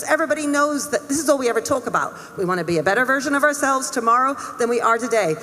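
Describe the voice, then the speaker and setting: A woman's voice: high voice, fairly bright tone. Emphatic woman speaking in an echoey hall. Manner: emphatic, earnest, with laughs and restarts. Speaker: head teacher speaking on a panel. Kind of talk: public speech at a summit. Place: conference hall. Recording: long echo of a large hall.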